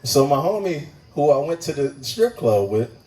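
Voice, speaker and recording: Animated man telling a profane stand-up story. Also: on the high side, normal speed, distant mic, a little hiss or hum, poor audio. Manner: profane, animated, acts out voices in his story. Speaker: stand-up comic. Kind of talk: stand-up storytelling at an open mic. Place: live open mic venue.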